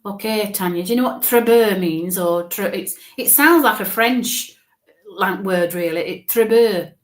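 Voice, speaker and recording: Halting woman in a roomy space. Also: mid-range voice. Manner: halting, thinks aloud with frequent restarts. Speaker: psychic medium. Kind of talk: live mediumship reading.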